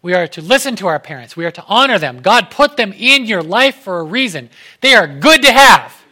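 Lively, bright-voiced young male preacher. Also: high voice, brisk. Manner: animated, acts out quoted voices. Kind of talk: casual sermon.

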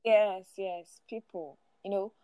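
A woman's voice: medium pitch, steady tone, takes it slowly, warm tone, clear, resonant tone, dry recording, muffled recording. Woman telling her story, dry sound. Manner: laughs often while telling, restarts and repeats words. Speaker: guest speaker. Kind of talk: personal testimony in conversation.

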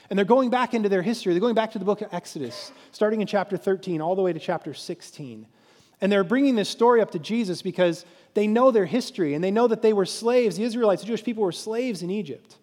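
A pastor preaching a sermon, telling the story with animated crowd voices. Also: male voice, high voice, long reverb tail.

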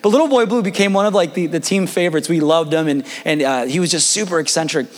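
A man's voice: a little high, fast talker, in a large hall. A young man in his twenties, a pastor telling a personal story in a casual, rambling sermon with frequent restarts.

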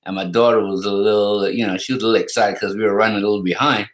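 A middle-aged man co-hosting a podcast, telling family stories in a relaxed way and laughing through them. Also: fairly low pitch, racing. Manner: laid-back storyteller who laughs through his anecdotes. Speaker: podcast co-host. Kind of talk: casual podcast chat. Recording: roomy echo.

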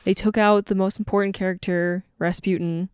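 A woman's voice: medium pitch, fairly even intonation, moderate pace, a little mellow, smooth. Giggly young woman telling a story. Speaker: podcast co-host. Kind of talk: casual chat. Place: home.

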